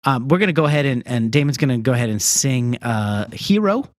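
A man co-hosting a casual comedy podcast, jokey and animated, reading out contact details and thanking patrons. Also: mid-range voice, fairly quick, dry recording, studio quality. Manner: animated, jokey, lots of fillers. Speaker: podcast co-host.

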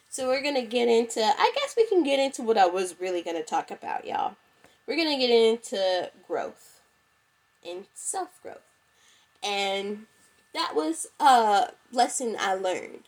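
A young woman hosts a casual solo podcast from home, chatting with listeners she calls "y'all." Her voice is congested and stuffy-nosed, medium in pitch, with lively intonation at a measured pace.

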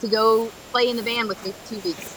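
A woman's voice: fairly high pitch, fairly even intonation, a little fast. A woman guest on a podcast, chatting casually and laughing easily as she tells stories. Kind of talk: casual chat. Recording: noisy recording with clear background noise.

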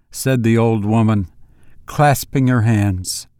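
A man reading a classic story aloud in measured, even scripted narration. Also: medium pitch, no room sound, clean studio sound. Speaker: audiobook narrator.

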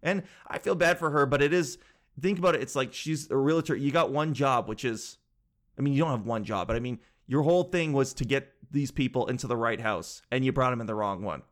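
A young man telling a story in a casual, animated way, swearing freely and acting out what others said. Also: medium pitch, a little fast. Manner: animated, swears freely, acts out quoted voices.

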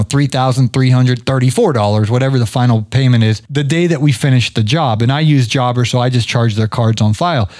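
A man hosting a podcast in casual interview chat, animated and laughing often, who imitates other people's voices. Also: medium pitch, no room sound, clean studio sound. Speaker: podcast host.

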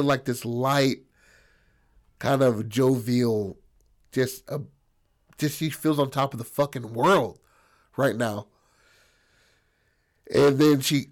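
A man spins an improvised, raunchy comic tale in a mid-pitched voice, rambling and profane. He keeps checking in with his listener with "bro" and "right?". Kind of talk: crude improvised comic storytelling.

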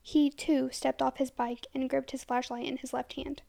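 A woman storyteller reading a first-person horror story aloud, soft-spoken and unhurried. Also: high-pitched, flat delivery, creaky.

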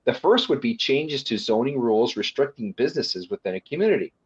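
A man's voice: medium pitch, big pitch swings, fairly quick, breathy edge, dull audio. A man, a lawyer and guest on a webinar, explaining policy at length with frequent fillers and restarts. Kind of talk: webinar presentation.

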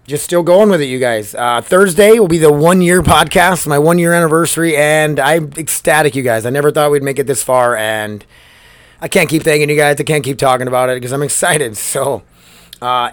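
A man's voice: a little high, no echo. A man hosting his own podcast solo, talking in a loose, rambling and upbeat way from a storage room at work. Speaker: podcast host. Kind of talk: casual solo podcast chat. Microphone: laptop microphone.

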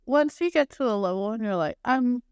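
A woman's voice: mid-range voice, animated, a little fast, darkish tone, smooth, no room sound, studio quality. A young woman co-hosting a podcast, chatting casually and teasingly, with lots of "like" fillers. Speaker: podcast co-host. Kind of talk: casual chat.

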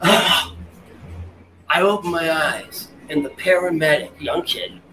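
Male guest, slightly high voice, lively storyteller, bar noise behind him. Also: slow, low-quality recording. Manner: animated, laughing, restarts and acts out quotes. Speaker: guest, waiter. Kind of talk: casual storytelling.

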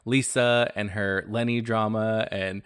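A man hosting his own podcast, talking in a casual, animated and gossipy way, often exclaiming. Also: lowish voice, unhurried, clear, resonant tone. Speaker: podcast host.

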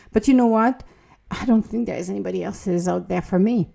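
Woman motivational speaker, mellow earnest delivery, non-native English, encouraging and direct. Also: mid-range voice, fairly quick, vocal fry, slightly rough. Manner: earnest, encouraging, acts out little quoted dialogues. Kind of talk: motivational monologue.

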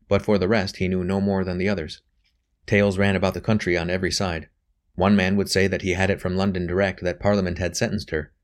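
A man narrating an audiobook with a steady, even reading of a historical novel. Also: low-pitched. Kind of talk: scripted narration.

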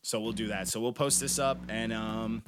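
A man's voice: fairly low pitch, steady tone, normal speed, noisy background. A man hosting a podcast, talking in a loose, slangy way with easy laughter and plenty of swearing. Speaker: podcast host. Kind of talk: casual chat.

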